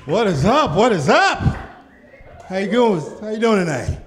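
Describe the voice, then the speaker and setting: A male stand-up comedian from New Haven with a high, lively voice. He talks in an upbeat way, laughs often, and mimics his grandmother in a higher pitch. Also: measured pace. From New Haven, Connecticut. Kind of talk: stand-up routine.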